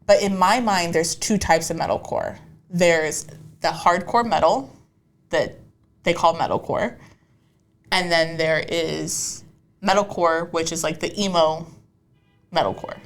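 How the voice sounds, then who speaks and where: A woman, co-hosting a podcast in casual chat. Her voice sits on the low side for a woman. She leads the talk and checks in with her co-host as she goes. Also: measured pace, pauses often. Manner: leads the topic, checks in with questions.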